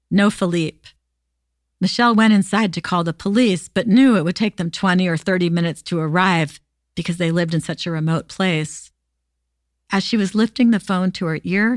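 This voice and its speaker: A woman hosting a podcast, reading true stories aloud in a steady, expressive way. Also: on the low side, no room sound, clean studio sound. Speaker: podcast host.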